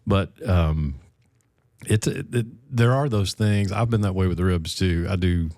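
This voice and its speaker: A middle-aged man, a podcast co-host, telling relaxed, folksy stories in casual chat. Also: sits low, unhurried, dry recording, studio quality. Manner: relaxed storyteller, folksy and self-deprecating.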